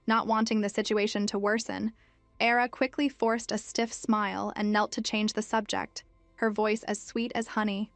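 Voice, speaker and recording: A woman narrating a story recap in an even, measured storytelling manner. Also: medium pitch, dry recording, faint music behind.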